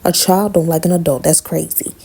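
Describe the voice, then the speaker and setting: A woman quoting a pushy, confrontational middle-aged woman who badgers with repeated demands, in a low, gravelly, husky voice. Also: fairly even intonation, a little fast, mellow, exaggerated voice. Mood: badgering.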